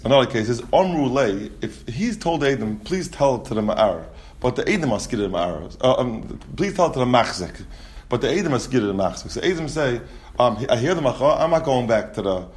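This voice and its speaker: Guy teaching a talmud class, reads the aramaic then explains it in english, keeps restarting his sentences. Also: mid-range voice.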